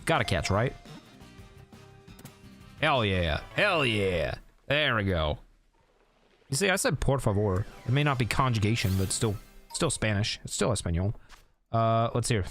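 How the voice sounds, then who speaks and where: Young guy streaming, rambly and easily sidetracked, chatty, soft music behind him. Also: lowish voice, big pitch swings, a little slow, long pauses. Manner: rambling, easily sidetracked, laughs at own stories. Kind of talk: casual live-stream chat while gaming.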